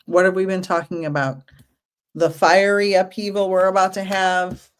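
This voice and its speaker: A woman in her fifties, a spiritual medium hosting a casual livestream, who talks in a gentle, reassuring way with chatty asides. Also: lowish voice, steady tone, normal speed, smooth.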